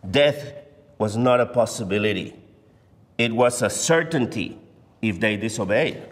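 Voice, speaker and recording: A man teaching an adult Bible class in a church, speaking in a measured, deliberate way and stressing key words. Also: lowish voice. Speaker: Sunday school teacher. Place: church sanctuary. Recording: long reverb of a church hall.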